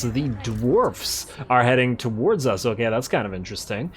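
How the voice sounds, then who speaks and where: A man hosting a let's play, casually commenting on a strategy game while thinking aloud, correcting himself and getting excited. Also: medium pitch. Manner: excitable, quick to laugh.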